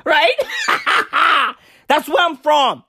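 A woman's voice: on the high side, animated, unhurried, no room sound, clean studio sound. A woman doing a brash, profane comic rant and mocking other people's voices. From South Africa. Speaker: comedian.

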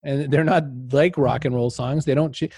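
A man's voice: on the high side, normal speed, no room sound, clean studio sound. A man telling anecdotes as an interview guest in casual talk, acting out what people said and laughing often. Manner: animated anecdotes, acts out quotes, laughs often.

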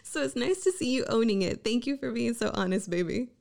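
A woman's voice: fairly high pitch, animated, a little fast, gravelly, a little mellow. A young woman co-hosting a casual chat, blunt and playful, often laughing. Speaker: podcast co-host.

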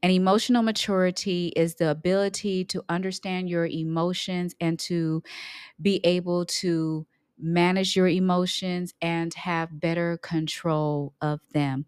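A middle-aged woman, an emotional intelligence coach, talking on her own podcast, unhurried, repeating her points for emphasis. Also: on the low side, fairly even intonation, a little mellow, clean tone, dry recording, clean studio sound. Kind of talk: solo podcast talk.

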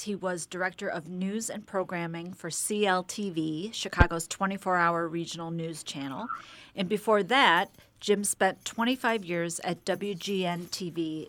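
A woman's voice: fairly low pitch, moderate pace, a bit bright, no room sound. A woman co-hosting a radio interview, reading a guest's introduction and teasing him. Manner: teasing, reads intro smoothly.

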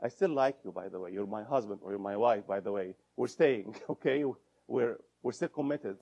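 A man's voice: fairly low pitch, normal speed, gravelly, dark tone, husky, dull audio. A man giving an interactive lecture, repeating his points and asking the audience questions as he goes. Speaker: instructor.

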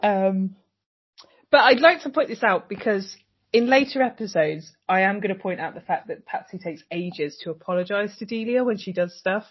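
A woman co-hosting a casual recap podcast, animated and swearing freely as she acts out characters' lines. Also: mid-range voice, moderate pace, breathy edge. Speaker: podcast co-host. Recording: dull lo-fi sound.

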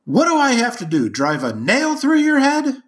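A man putting on the voice of his exasperated older father, a former Marine, scolding his teenage son about driving in a strained, raised voice. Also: a little fast. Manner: shouting, scolding, high and strained.

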